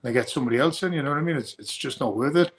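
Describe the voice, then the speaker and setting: A young man speaks as a bare-knuckle fighter in a casual interview. His voice sits at an ordinary pitch, and he rambles, repeating words as he starts his sentences. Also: rapid-fire.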